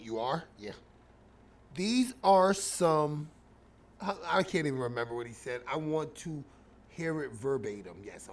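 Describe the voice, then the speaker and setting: A man hosting a casual commentary show, reacting to a clip with mocking, animated talk that swings between loud bursts and mumbles. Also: fairly high pitch.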